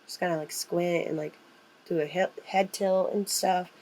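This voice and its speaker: Woman co-host, lowish voice, excitable chatter, swears freely, lots of fillers. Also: moderate pace, poor audio. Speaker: podcast co-host. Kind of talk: casual chat.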